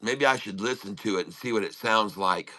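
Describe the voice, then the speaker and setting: A man's voice: fairly low pitch, brisk, pushed and bright. A middle-aged man hosting a casual live stream from home, chatting and muttering to himself while he fixes his audio, with a slight lisping sound on his voice. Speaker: day-trading livestream host.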